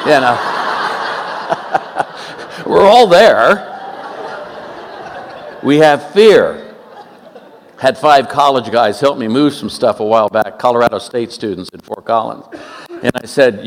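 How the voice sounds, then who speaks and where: A man in his seventies from Oakland, California, preaching a sermon with humorous stories, joking and animated, with quick asides. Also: mid-range voice, big-room sound, a little hiss or hum. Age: 70s.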